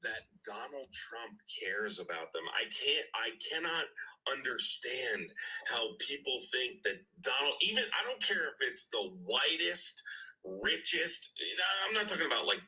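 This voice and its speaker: A man's voice: medium pitch, sing-song, a little slow, pushed and bright, low-quality recording. A man co-hosting a casual political chat, sounding incredulous and emphatic. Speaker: co-host.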